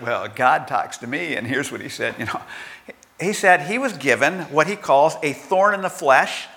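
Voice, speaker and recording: Older male pastor, chatty sermon delivery with rhetorical questions; bright tone, church reverb. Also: fairly high pitch. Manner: conversational preaching with rhetorical questions and acted-out quotes.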